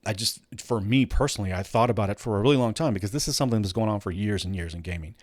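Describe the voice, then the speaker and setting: A man's voice: lowish voice, rapid-fire, no room sound, clean studio sound. A man hosting a casual commentary show, ranting bluntly and swearing, with many restarts. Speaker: host.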